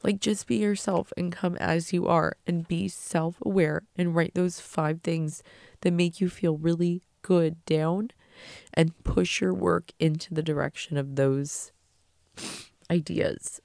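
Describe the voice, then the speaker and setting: A woman's voice: on the low side, fairly even intonation, takes it slowly, vocal fry, a little mellow, no echo, clean studio sound. A woman hosting her own podcast, giving an earnest, emotional motivational talk and swearing casually. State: tearful at times. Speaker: podcast host.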